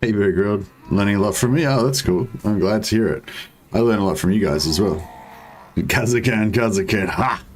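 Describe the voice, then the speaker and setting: A man's voice: lowish voice, fast talker, darkish tone. An Australian man casually chatting with viewers while livestreaming a strategy game and greeting them by name. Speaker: livestreaming gamer.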